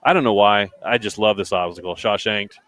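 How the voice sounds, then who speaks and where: A man's voice: on the low side, a little fast, a bit bright, a little hiss or hum. A man commentating live on an obstacle race, emphatic and chatty, repeating his points. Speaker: race commentator and podcast host.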